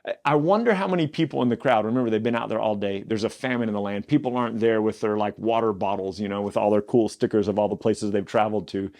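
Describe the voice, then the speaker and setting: A man's voice: on the low side, fast talker, darkish tone. A man teaching through a Bible passage, reading verses aloud and then retelling them in loose, conversational paraphrase. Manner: reads scripture aloud, then retells it in chatty modern paraphrase.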